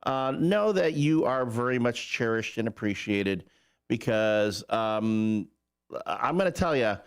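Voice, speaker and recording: A man's voice: medium pitch, expressive, slow, clear, resonant tone. A man hosting a morning radio show, giving the weather and chatting casually with playful, rambling asides in a radio studio.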